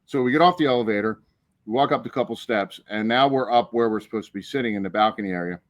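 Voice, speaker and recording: Animated, profane storytelling man. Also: fairly low pitch, fast, no echo. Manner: animated, profane, acts out the people in his story. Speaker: podcast co-host. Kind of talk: casual storytelling chat.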